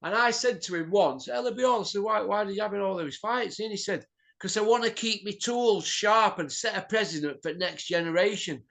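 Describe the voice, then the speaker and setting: A man's voice: high voice, normal speed, vocal fry, fairly bright tone. A middle-aged man, hosting a boxing show and ranting bluntly, swearing and tossing in tag questions. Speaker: boxing pundit host. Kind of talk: opinionated ranting chat.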